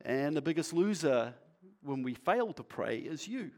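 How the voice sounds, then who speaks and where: A male pastor preaching in a conversational, playful way, asking the congregation questions and sometimes dropping to a quiet, earnest tone. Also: very animated, a little slow. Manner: acts out a shopkeeper's sales pitch. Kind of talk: sermon.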